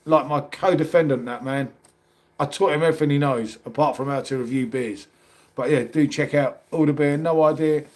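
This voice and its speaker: A man's voice: a little high, moderate pace. A middle-aged man with a London accent, chatting casually on a livestream and reading out comments, calling everyone mate. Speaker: livestream host.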